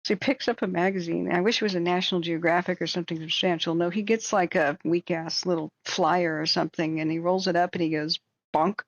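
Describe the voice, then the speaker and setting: A woman hosting a livestream, telling a rambling story in a casual, animated way, acting out what people said. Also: fairly low pitch, a little fast, no room sound, highs cut off. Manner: animated, rambling, acts out quotes with shrieks and laughs. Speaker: livestream host.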